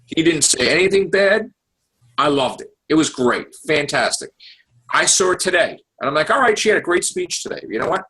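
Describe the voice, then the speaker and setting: Profane, animated husky man ranting. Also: fairly high pitch, a little fast. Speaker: podcast host. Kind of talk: heated casual political rant.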